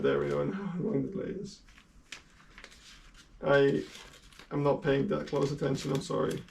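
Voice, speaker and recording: Chatty gravelly Dutch man, distant mic. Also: fairly high pitch, little pitch movement, normal speed, long pauses, darkish tone. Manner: chatty and laughing often, with casual swearing. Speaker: streamer. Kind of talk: casual chat while sorting a collection. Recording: distant mic with faint hiss.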